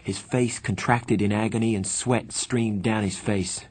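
A man narrating a first-person novel in a low, husky voice. His delivery is steady and earnest, keeping the story moving. It is straight audiobook reading. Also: measured pace.

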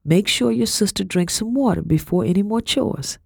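A woman voicing a soft-spoken, kindly genteel lady. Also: mid-range voice, moderate pace, gravelly, breathy edge, dry recording, clean studio sound, voice pushed up.

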